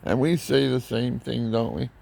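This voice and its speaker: An older man with a gravelly, mid-range voice speaks at a moderate pace about faith and family. His casual talk is rambling and preachy, full of animated storytelling.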